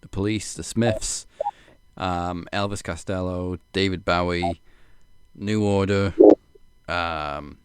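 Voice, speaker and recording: A man as a podcast guest in a casual film chat, calmly sharing trivia with fillers. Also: sits low, takes it slowly, pauses often, clean tone. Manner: relaxed, lists trivia with fillers and laughs.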